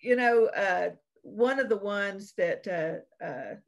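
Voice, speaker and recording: A woman's voice: mid-range voice, takes it slowly, gravelly. A woman, co-hosting a casual chat and telling folksy stories with lots of fillers. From Virginia / North Carolina. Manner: folksy storytelling with many fillers. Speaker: co-host.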